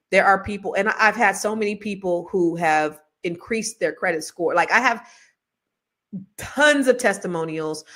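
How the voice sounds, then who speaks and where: Middle-aged woman host, casual livestream, rambling and slangy, self-mocking, low-ish voice. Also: a bit bright. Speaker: host selling a money course. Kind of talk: casual livestream chat and sales pitch.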